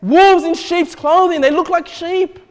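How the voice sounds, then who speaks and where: A male pastor preaching an expository sermon in an animated way, often checking in with the congregation. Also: very high-pitched, measured pace, big-room sound. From Australia. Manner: animated, repeatedly checks in with "okay?". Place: church.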